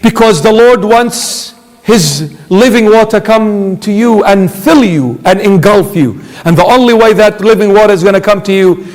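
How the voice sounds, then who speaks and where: Aussie bishop guy preaching, high voice, asks questions then answers them, echoey hall. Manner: emphatic, rhetorical questions and answers. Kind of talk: sermon.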